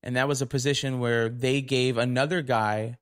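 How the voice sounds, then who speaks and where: Young man, podcast host, casual rant, profane and indignant, mid-pitched voice, recorded on camera. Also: fairly even intonation, moderate pace, clear, resonant tone.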